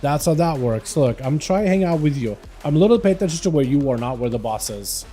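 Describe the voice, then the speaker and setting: A young man streams a game and talks through it in a relaxed, friendly way, often speaking straight to his teammates. His voice sits a little high but has a mellow, warm tone. Game music runs faintly behind him. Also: fast. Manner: laid-back, chatty, talks to teammates. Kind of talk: casual live gameplay commentary.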